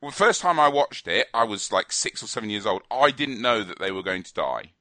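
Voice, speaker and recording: Male radio co-host, opinionated rambler, bright tone, dry close sound. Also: fairly low pitch, sing-song, a little fast, no room sound. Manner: opinionated, rambling with fillers and restarts. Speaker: film review co-host. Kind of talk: casual radio chat.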